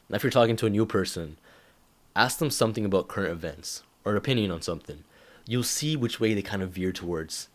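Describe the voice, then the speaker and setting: A young man talking casually to camera, giving advice and acting out little stories with quoted voices. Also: sits low. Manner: animated storytelling with acted-out quotes.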